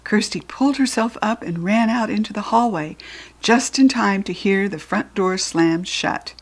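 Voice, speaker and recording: American woman, storybook reader, lively and expressive delivery. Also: mid-range voice, moderate pace. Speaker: children's book reader. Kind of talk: storybook read-aloud.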